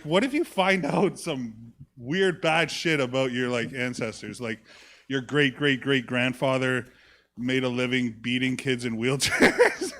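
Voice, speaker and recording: A man's voice: medium pitch, pushed and bright. Giggly stand-up comedian man. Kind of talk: live stand-up set.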